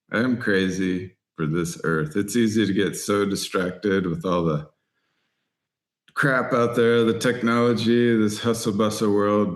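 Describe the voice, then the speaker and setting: Middle-aged man from Texas, low voice, animated storyteller who acts out the lines of people in his tales, relaxed interview guest. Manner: animated anecdotes, voices other people in quotes. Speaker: podcast guest, writer and angler.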